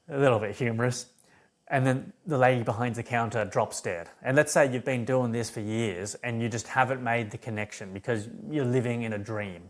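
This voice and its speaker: A man giving an emphatic, rambling philosophy monologue full of restarts. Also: mid-range voice. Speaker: philosophy vlogger. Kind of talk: unscripted monologue.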